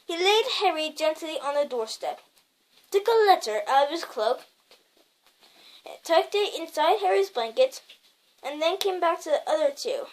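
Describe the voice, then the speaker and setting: A woman's voice: sits high, expressive, normal speed, pauses often, poor audio. A woman reading a novel aloud, stumbling over words and correcting herself as she goes. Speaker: reader.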